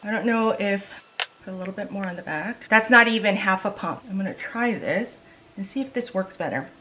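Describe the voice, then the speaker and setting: A woman's voice: mid-range voice, fairly quick, background noise. A woman beauty vlogger in a casual makeup try-on vlog, chatty and exasperated, talking straight to her viewers.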